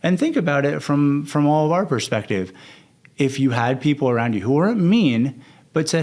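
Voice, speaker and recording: His voice is on the high side and darkish, animated but at a normal pace. The young coach, a podcast guest, keeps the interview casual, candid and full of stories where he acts out what people said.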